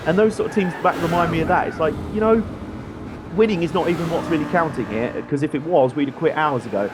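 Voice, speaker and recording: A man's voice: on the high side, fast. Chatty male race commentator, noisy mic. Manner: chatty, rambling, laughs often. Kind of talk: live sim-racing commentary.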